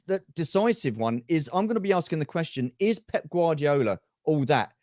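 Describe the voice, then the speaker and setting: A man's voice: fairly high pitch, sing-song, moderate pace, darkish tone, no echo, studio quality. A middle-aged man co-hosting a livestream, chatting casually about football and greeting viewers by name. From England. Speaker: livestream co-host.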